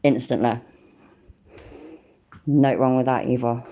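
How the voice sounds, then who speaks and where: A woman's voice: very deep voice, steady tone, measured pace, mellow. An older woman hosting a casual live stream, chatting to her viewers, swearing freely and calling them love and mate. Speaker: livestream host.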